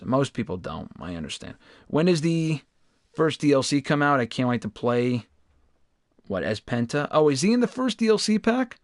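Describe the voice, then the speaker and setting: Animated, profane gaming streamer. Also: male voice, mid-range voice, dry recording, studio quality. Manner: chatty, profane, erupts into loud frustrated outbursts. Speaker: gaming livestream host. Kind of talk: casual livestream commentary while playing.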